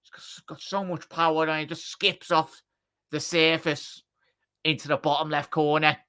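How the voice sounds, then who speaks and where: A man giving live match commentary on a fan watchalong, chatty and joking, shouting at the big chances. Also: a little high, little pitch movement, normal speed, clean tone. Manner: chatty, jokey asides.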